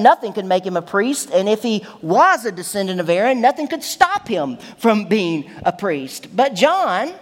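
A woman delivers a sermon with emphatic, expressive teaching. Her voice sits a little high and swings widely in pitch. A long hall reverb trails each phrase. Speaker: preacher.

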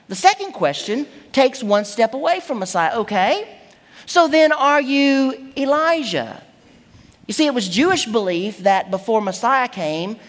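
A woman preaching a sermon, teaching in an emphatic, expressive way. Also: mid-range voice. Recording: long hall reverb.

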